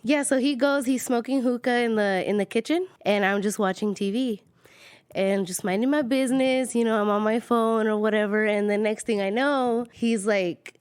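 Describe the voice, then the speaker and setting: A woman with a fairly high voice tells a story in a relaxed podcast chat. Her delivery is playful and mischievous, and the sound is close and dry with no room around it. She laughs easily as she talks. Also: normal speed, smooth, no room sound.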